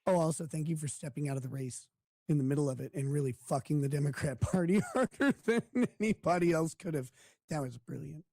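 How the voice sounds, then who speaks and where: A man's voice: fairly high pitch, fairly quick, a little mellow, no echo. A man hosting a live stream, chatting casually with a crude, mocking manner and frequent laughter. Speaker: streamer host.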